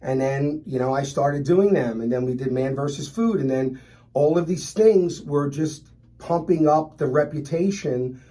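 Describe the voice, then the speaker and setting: A middle-aged man tells stories with animation. His voice sits a little high for a man, and he talks casually as a guest, acting out the people in his stories. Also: a little slow, warm tone. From Philadelphia. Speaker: restaurant owner, guest. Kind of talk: storytelling in a casual interview.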